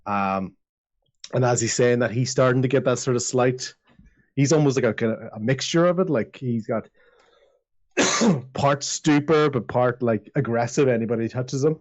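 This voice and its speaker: A man's voice: medium pitch, normal speed, dull audio. A man narrating as game master of a tabletop game, rambling with lots of fillers.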